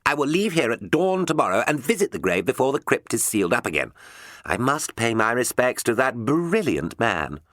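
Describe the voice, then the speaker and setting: A man's voice: mid-range voice, very animated, moderate pace, fairly bright tone, no room sound, clean studio sound, pitched above the performer's own voice. Brief: flamboyant self-admiring actor, voiced by a man, florid and theatrical. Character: vain theatrical male actor narrator, flamboyant.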